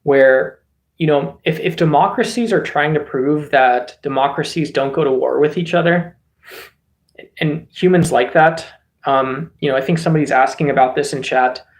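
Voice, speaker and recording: Rambling American man, fairly high voice. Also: moderate pace. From United States. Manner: rambling, many fillers and restarts. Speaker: streamer host. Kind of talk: casual political commentary.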